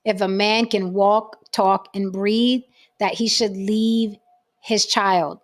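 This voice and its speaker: A woman's voice: mid-range voice, steady tone, takes it slowly. A woman hosting a livestream talk show, speaking bluntly and emphatically with frequent profanity. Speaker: host.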